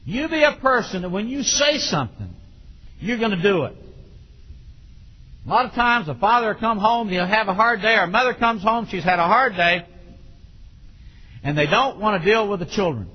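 A man preaching a sermon on raising children, acting out parents and children and bursting into shouts. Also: high voice, animated, normal speed, long pauses, slightly rough, lo-fi sound.

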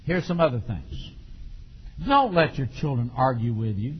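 Animated preacher man, muffled sermon recording. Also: on the high side, normal speed, husky. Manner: animated, acts out parents and children, bursts into shouts.

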